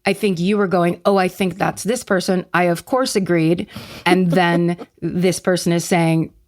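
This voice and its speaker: A woman's voice: lowish voice, fairly even intonation, measured pace. Earnest Californian woman podcast co-host. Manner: earnest, enthusiastic storytelling. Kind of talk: casual chat.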